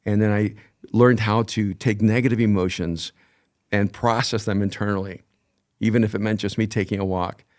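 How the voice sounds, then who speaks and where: A man in his sixties, a podcast guest speaking in a thoughtful, measured, reflective way. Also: on the low side, steady tone, darkish tone. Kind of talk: reflective conversation.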